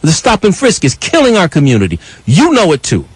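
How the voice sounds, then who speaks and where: An older man from New York telling a passionate personal story as a live radio call-in co-host, with a husky voice and wide emotional swings. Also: fairly high pitch, huge pitch swings, fairly quick, no echo, poor audio. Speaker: radio talk show co-host.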